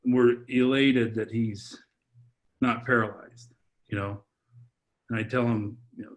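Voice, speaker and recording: Halting man telling a personal story. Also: on the low side, little pitch movement. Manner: halting, with frequent restarts and repeated words. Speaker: podcast guest, father. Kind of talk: heartfelt personal testimony in conversation.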